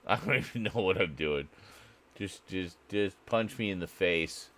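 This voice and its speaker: A man's voice: low-pitched, unhurried, fairly bright tone. A man from Canada chatting casually on a stream, joking and mocking himself. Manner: joking, self-mocking, talks to absent chat. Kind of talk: casual live-stream chat.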